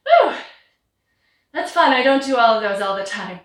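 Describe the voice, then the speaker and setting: A woman leading a guided yoga class from home, giving relaxed, encouraging cues while slightly out of breath. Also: on the high side, quick pace. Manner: relaxed, encouraging cues with light self-deprecation. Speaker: yoga instructor. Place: home practice room. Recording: roomy sound from a distant mic.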